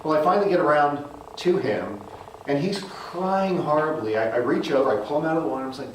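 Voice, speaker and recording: A man's voice: on the high side, brisk. A middle-aged man giving a prepared storytelling speech at a club meeting, acting out the voices in his anecdotes. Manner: animated storyteller who acts out voices in anecdotes. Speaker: Toastmasters club speaker. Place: meeting room. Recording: echoey room, distant mic, noisy.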